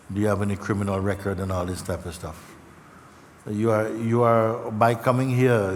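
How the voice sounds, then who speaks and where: A man giving a live spiritual talk to a gathering, speaking in an unhurried, halting way with many fillers and repeats, earnest and tender. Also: on the low side. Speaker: spiritual teacher. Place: large meeting hall. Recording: long hall reverb, faint background noise.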